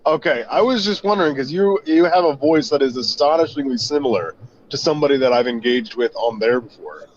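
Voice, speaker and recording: A man's voice: mid-range voice, lively intonation, slight background noise. A man from Missouri talking on an online call, his mid-range voice coming through dull and lo-fi. He rambles and halts as he explains. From Missouri, USA. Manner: rambling, halting with fillers. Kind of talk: casual chat.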